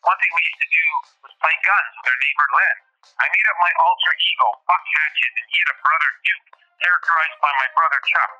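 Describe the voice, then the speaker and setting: A man hosting a podcast, reading his own memoir aloud in a steady, formal way. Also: fairly high pitch, fairly quick, lo-fi sound. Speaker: podcast host.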